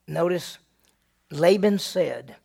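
A man teaching through a Bible passage in a sermon, animated and firing rhetorical questions at his listeners. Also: fairly high pitch, slow pace, creaky.

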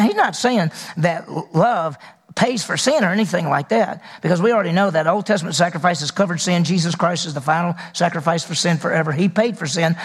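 A man's voice: sits high, long reverb tail. A man preaching a sermon as pastor, talking in a conversational way and putting questions to his congregation.

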